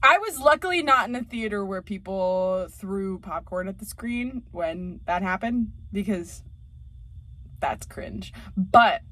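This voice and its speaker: A woman's voice: mid-range voice, lively intonation, takes it slowly, bright, forceful tone, dry recording. A woman vlogger rambling through a casual, profane movie rant, laughing often.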